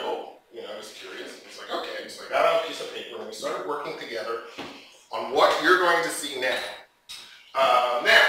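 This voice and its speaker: Bright-voiced man in an echoey room. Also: mid-range voice, a little hiss or hum. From Canada. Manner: animated, joking, acts out quoted voices. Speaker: invited speaker, author. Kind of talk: public talk with storytelling. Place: lecture room at a college. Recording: very echoey room, mic far off.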